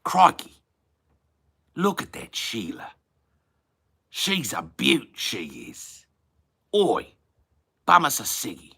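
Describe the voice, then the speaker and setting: A man putting on a loud, rough, pushy Australian bloke with a broad Australian accent. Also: medium pitch, wildly swooping pitch, slow, long pauses, pitched above the performer's own voice, heavily acted. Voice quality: loud, brash, clipped shouts.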